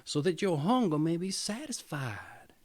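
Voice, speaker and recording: Kindly little male sparrow in a fairy tale, put on by a man reading aloud; gentle, coaxing, bobbing pitch. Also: very animated, unhurried. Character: kindly helpful male sparrow, small and eager.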